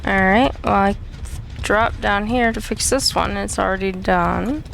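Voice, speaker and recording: A woman's voice: mid-range voice, a little slow, creaky, fairly bright tone, slight background noise. A woman streaming a multiplayer game, chatting casually with teammates and grumbling at herself. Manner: self-deprecating, grumbling about the map. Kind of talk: casual gaming chat with teammates.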